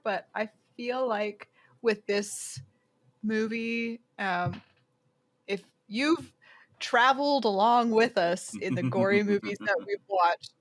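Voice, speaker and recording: A woman co-hosting a casual podcast, playful and giggly, rambling through her thoughts. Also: mid-range voice. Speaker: podcast co-host.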